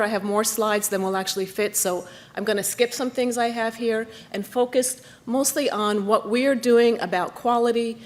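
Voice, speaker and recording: A woman giving a brisk conference talk, getting to the point with a few hesitations. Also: medium pitch. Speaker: conference presenter.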